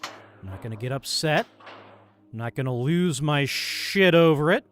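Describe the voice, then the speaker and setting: A man streaming a game, muttering calming mantras to himself between bursts of frustrated swearing. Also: fairly high pitch, moderate pace, pauses often. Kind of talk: live game commentary. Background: faint game music.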